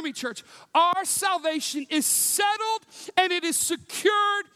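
A man preaching a sermon to his church, impassioned, swinging between loud shouts and hushed whispers. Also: very high-pitched, takes it slowly, in a large hall. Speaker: pastor.

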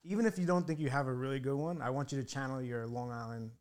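A man's voice: medium pitch, steady tone, quick pace, darkish tone. Brief: male podcast co-host, teasing and prodding, casual. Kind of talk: casual chat.

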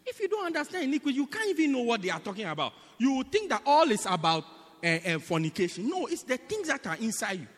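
A man preaching a sermon in a teaching manner, often checking whether the congregation understands, swinging between loud bursts and quiet asides. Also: very high-pitched, sing-song, fast, long reverb tail. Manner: teaching, repeatedly asking the congregation "do you get it?".

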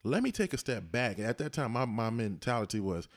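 A man's voice: mid-range voice, very animated, fairly quick. A man in casual conversation, animatedly telling a story and acting out the voices of the people in it. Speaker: husband telling his story.

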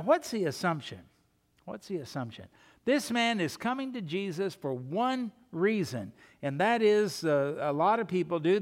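A man with a high, light voice preaches a sermon, pressing his points with one rhetorical question after another. His words ring out with a long reverb, as in a church hall. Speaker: pastor.

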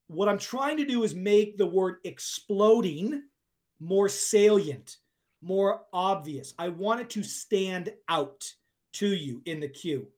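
A man with a noticeably high-pitched voice talks as a podcast guest. He explains coaching ideas in an emphatic, teacherly way, checking that the listener follows. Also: slow, darkish tone. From United States. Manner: emphatic teacherly explaining, asks if it makes sense.

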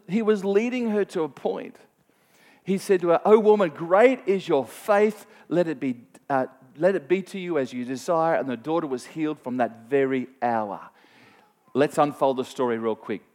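A man preaching a sermon, retelling a scripture story in a conversational, animated way and speaking directly to his listeners. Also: medium pitch. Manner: animated storytelling, voice rising sharply when quoting scripture; conversational, plain-spoken teaching with asides to listeners.

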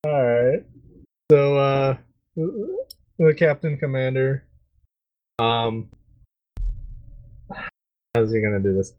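Male co-host, mid-pitched, halting and filler-heavy, casual improvised storytelling. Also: lively intonation, lo-fi sound. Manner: halting narration with many fillers. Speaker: podcast co-host.

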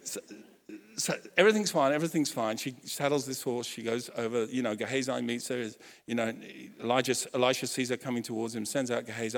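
A man preaching a sermon, telling a story with lively acted-out quotes and frequent restarts. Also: mid-range voice, a little fast, creaky. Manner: animated storytelling, acts out quotes, self-correcting restarts. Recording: long hall reverb.

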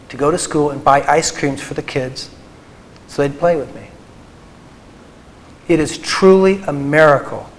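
A man giving a personal talk to an audience as a Christian counselor, folksy and earnest, dropping into soft confessional tones. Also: a little high.

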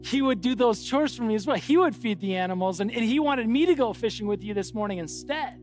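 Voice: mid-range voice, expressive, fairly quick, faint music behind, lightly acted. A pastor voicing a sly young girl who blackmails her brother, smug and pointed, in a sermon story.

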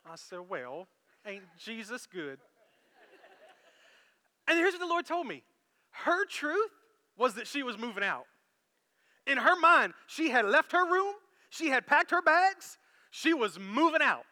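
High, bright-voiced pastor preaching in a hall. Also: male voice, unhurried. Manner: animated storytelling preacher, acts out quotes. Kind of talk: sermon.

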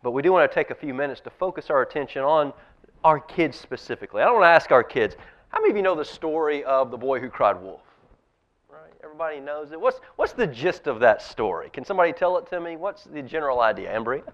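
A man's voice: a little high, sing-song, quick pace, dull audio. A man, a pastor, giving a children's talk in a church service, telling a story and asking the kids questions. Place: church sanctuary.

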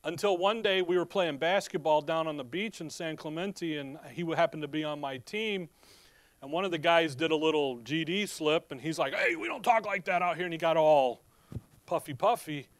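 A man's voice: on the high side, moderate pace, no echo. A man preaching a sermon in a conversational, storytelling way. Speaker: pastor.

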